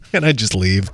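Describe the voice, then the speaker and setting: A man's voice: fairly low pitch, dry recording, studio quality. A man co-hosting a podcast, telling stories casually and laughing often. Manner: animated storytelling, laughs often. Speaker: podcast co-host. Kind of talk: casual chat.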